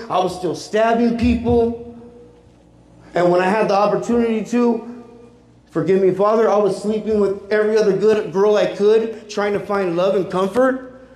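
A man's voice: high-pitched, darkish tone. A middle-aged man giving a personal testimony to teens as a Catholic youth speaker, emphatic and full of street slang, repeating key phrases. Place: large room with a teen audience. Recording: echoey room.

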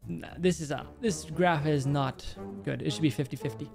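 A man's voice: on the high side, normal speed, gravelly, over music. A man from Canada, chatting casually and rambling as he reacts to memes on his channel, laughing often. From Canada (Manitoba). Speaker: YouTuber.

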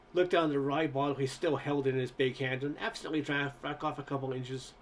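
A man narrating a story aloud in a relaxed storytelling manner, with occasional stumbles. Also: medium pitch, fairly quick, few pauses, slight background noise. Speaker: story reader. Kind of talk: audiobook narration.

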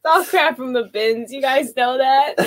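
A woman chatting on a casual livestream in a very high, bouncy voice that leaps up and down. She stretches her words out slowly and gushes, laughing often and sounding close to tears. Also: lively intonation. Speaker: livestream co-host thanking viewers.

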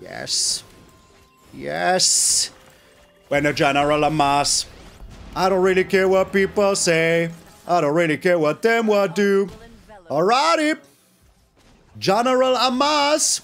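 A man's voice: high voice, slow, pauses often, faint music behind. A man hosting his gaming channel, giving live gameplay commentary and exclaiming and groaning at each play. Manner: animated, exclaims and groans at plays.

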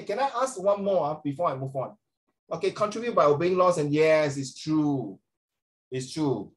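Joking Singaporean teacher, higher voice. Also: male voice, low-quality recording. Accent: Singaporean English. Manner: animated, joking, sarcastic; sprinkles in Mandarin phrases. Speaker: social studies teacher. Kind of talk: classroom teaching.

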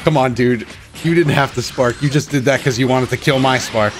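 A man giving excited, self-mocking commentary over his own fighting-game matches, groaning at losses and cheering at wins. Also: mid-range voice, brisk. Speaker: gaming channel host. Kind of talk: live gameplay commentary. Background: game music and sound effects.

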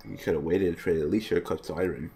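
A man's voice: deep voice, fast, mellow, slightly rough. A man giving casual, mumbled commentary while playing an online card game, swearing and getting exasperated with his opponent. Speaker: gaming YouTuber.

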